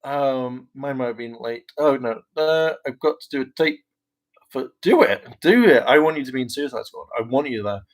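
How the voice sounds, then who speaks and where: On a rough recording, a hopeful actor who vlogs speaks at a moderate pace in an expressive, medium-pitched voice. His chatter wanders loosely and pokes fun at himself, peppered with fillers, laughter, impressions of other voices and a stray curse here and there.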